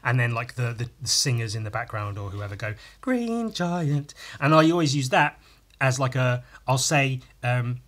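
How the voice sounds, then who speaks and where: Here a man talks at normal speed in a steady, medium-pitched, slightly bright voice while drawing for his solo podcast. It's rambling stuff, packed with self-mocking, profane humor, asides and restarts.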